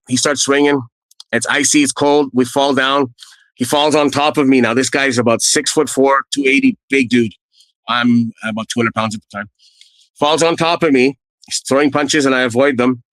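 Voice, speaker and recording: A middle-aged man from Canada, a guest telling his own story in a blunt, lively way and acting out what others said. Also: moderate pace, no room sound, low-quality recording. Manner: re-enacts quoted people with raised pitch, blunt and profane. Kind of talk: animated personal storytelling.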